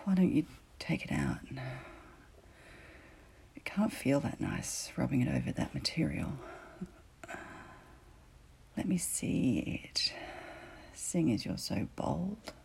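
A woman voicing a teasing, commanding female teacher in an audio role-play, often dropping into soft whispers. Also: very deep voice, huge pitch swings, takes it slowly, vocal fry, long pauses, slight background noise, exaggerated voice. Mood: seductive.

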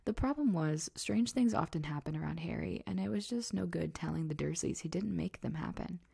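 A woman narrating a storybook in a soft, hushed, steady reading. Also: fairly low pitch, brisk, gravelly, breathy edge.

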